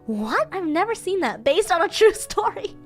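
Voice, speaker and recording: A woman's voice: extremely high pitch, very animated, normal speed, soft background music. A woman streaming a playful Japanese vocabulary lesson, giggling often and acting out little scenes.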